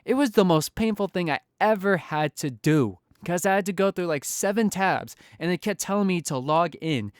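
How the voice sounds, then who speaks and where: Young man, storytime vlog, exasperated rant, smooth clear voice, dry. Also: high voice, normal speed, few pauses, dry recording. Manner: animated, exasperated ranting. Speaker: storytime vlogger.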